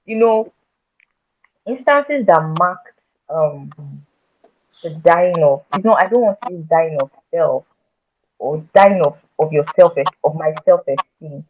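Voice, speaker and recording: A woman guest telling her own story in a conversation, halting and earnest, often restarting and repeating words. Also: fairly low pitch, animated, a little hiss or hum. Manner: earnest and emotional when recounting her past. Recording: tinny phone-like audio.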